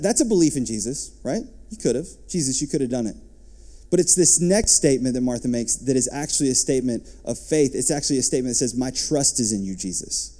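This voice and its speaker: A man as pastor, preaching a sermon and reading scripture, lifting his voice and dropping to soft asides. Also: mid-range voice.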